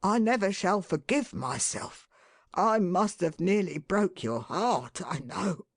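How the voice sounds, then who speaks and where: Gravelly muttering working-class husband, lady narrator puts him on, drags his words out slow, dry close sound. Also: on the low side, animated, no echo, pitched above the performer's own voice, heavily acted. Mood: remorseful. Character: middle-aged working-class husband, gruff then remorseful. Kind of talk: audiobook character voice.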